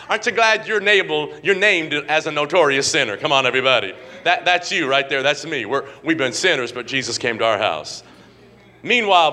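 A middle-aged male pastor with a high, bright, ringing voice delivers an emphatic sermon. He swings from quiet asides to loud, shouted climaxes, repeats words as he builds, and keeps calling on the congregation.

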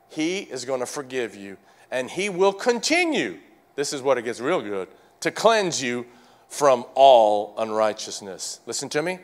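A man preaching a sermon, urging the congregation to respond, repeating phrases and swinging from shouts to hushed lines. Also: mid-range voice, big pitch swings, unhurried. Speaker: pastor.

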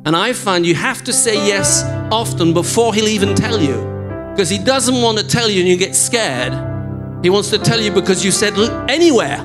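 Older man, high-pitched, guest preacher, enthusiastic, jokey, church congregation. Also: normal speed, music in the background. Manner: enthusiastic, chatty, jokes with the congregation. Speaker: guest preacher and worship leader. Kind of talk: sermon with teaching a song.

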